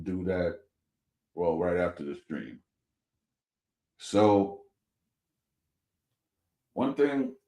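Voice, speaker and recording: A man hosting a casual live stream, talking in a halting way with many restarts and fillers. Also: deep voice, darkish tone. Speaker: show host.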